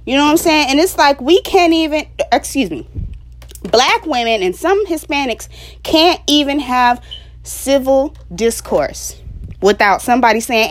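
A woman with a slightly high voice holding forth in an opinion monologue. She speaks with a passionate, emphatic, lecturing edge and drops quick laughs into her asides. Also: expressive. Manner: preachy, lecturing. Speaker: vlogger.

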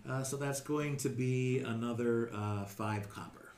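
A man's voice: mid-range voice, a little slow, a little mellow, reverberant, slight background noise. A man running a tabletop game as game master, narrating casually with fillers. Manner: casual, rambling with fillers, laughs often.

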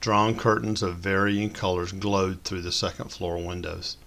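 Man, story narrator, very low voice, forceful, steady, descriptive. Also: measured pace, vocal fry. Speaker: audiobook narrator.

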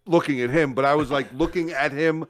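A man with a fairly high voice tells a rambling story on a podcast. He swears often and acts out every line of dialogue. The sound is dry and close to the mic. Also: fairly quick, dry recording. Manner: animated storyteller, swears freely, acts out quotes. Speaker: podcast co-host. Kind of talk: casual storytelling chat.

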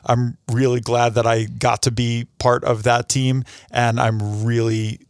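A man's voice: mid-range voice, little pitch movement, a little slow, smooth, no room sound, clean studio sound. A man co-hosting a podcast in casual chat, talking in a candid, rambling way. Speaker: podcast co-host.

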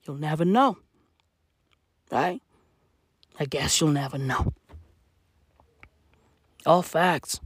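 A man's voice: fairly high pitch, breathy edge, no echo, studio quality. A man delivering a satirical rant to camera, slangy and profane, with mock-serious rhetorical questions. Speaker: comedic commentator.

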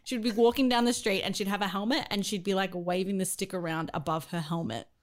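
A woman's voice: mid-range voice, fairly even intonation, fast. An Australian woman co-hosting a podcast in casual chat, laughing often. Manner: chatty, laughs often, drops to a whisper at times. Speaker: podcast co-host.

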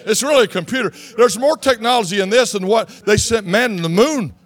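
A man from Texas, preaching a sermon in an animated way that rises to shouts. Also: sits high, brisk. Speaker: pastor.

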